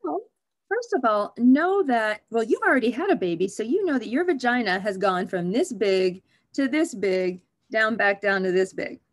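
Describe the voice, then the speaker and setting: A woman OB/GYN appears as a guest on an interview show, talking frankly and with humor about her field in an animated, joking, conversational way. Her voice is a little high and her pace moderate.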